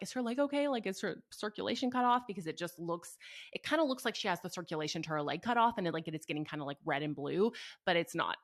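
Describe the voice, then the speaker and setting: A woman's voice: low-pitched, vocal fry, fairly bright tone, dry recording, studio quality. A young woman telling a personal story in a casual, chatty and earnest way, with frequent fillers. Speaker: mother telling her birth story.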